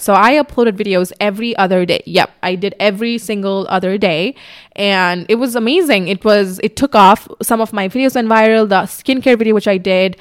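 With a clear, resonant mid-range voice, a young woman hosts a laid-back podcast and tells a personal story openly and conversationally. She swears freely and imitates herself in quotes, and a tripod camera in front of her does the recording.

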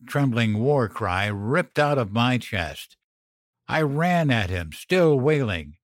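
A man narrating a first-person horror story in a measured, grim manner. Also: mid-range voice, fairly bright tone, no room sound, clean studio sound.

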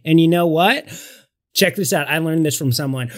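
A man's voice: fairly high pitch, moderate pace. A man playing a tabletop game for comedy, rambling and repeating himself as his character. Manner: rambling, repeats "all right" often. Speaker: player.

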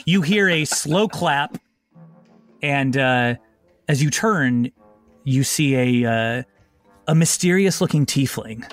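A man's voice: mid-range voice, lively intonation, slow, pauses often, faint music behind. A man narrating as game master of a tabletop game, loose and rambling with many fillers.

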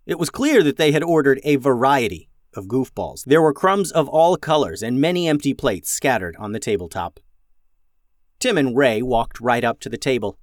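Male host-narrator for kids' audio stories; animated delivery, no room sound. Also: mid-range voice, normal speed, no room sound, studio quality. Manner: lively, expressive storytelling. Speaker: podcast host and storyteller. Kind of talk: children's story narration.

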